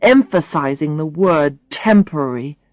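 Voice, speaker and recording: A woman reading a first-person story aloud for English learners, clearly and expressively. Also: low voice, lively intonation, measured pace, darkish tone, dry recording. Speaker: audiobook reader.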